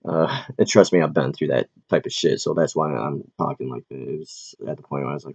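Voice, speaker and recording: Deep gravelly man ranting profanely. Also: darkish tone. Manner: profane, rambling, quick to anger. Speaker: aspiring comedian and vlogger. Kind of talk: casual rambling rant. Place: big city, in or near Manhattan. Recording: dull lo-fi recording.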